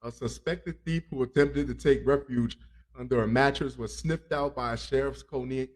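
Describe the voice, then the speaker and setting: A man's voice: mid-range voice, normal speed, a little mellow. A man hosting a comic crime news podcast, rambling and joking with frequent laughs and cursing. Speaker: podcast host.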